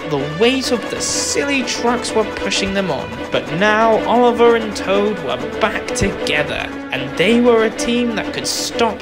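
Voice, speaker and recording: A man narrating a children's storybook tale in an expressive, varied manner. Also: sits high, measured pace, hardly any pauses. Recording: music behind narration.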